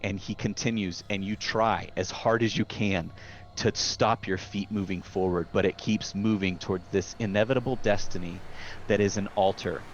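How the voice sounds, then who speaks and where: Lo-fi game master with a low voice. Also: male voice, fairly even intonation. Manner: descriptive, second-person, with halting restarts. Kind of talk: narrating a tabletop horror game. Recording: dull lo-fi recording with faint hiss.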